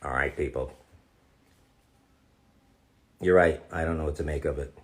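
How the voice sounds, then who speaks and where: A man's voice: deep voice, moderate pace, pauses often. A man, a voice actor, answers fan questions on a live stream, reading the chat aloud in a playful, joking way and calling fans darling.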